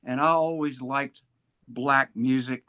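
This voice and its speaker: A man's voice: mid-range voice, fairly even intonation, takes it slowly, pushed and bright. A man in his seventies from Virginia, telling stories as a guest in an interview, full of old hipster slang. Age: 70s. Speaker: guest musician. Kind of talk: casual storytelling interview.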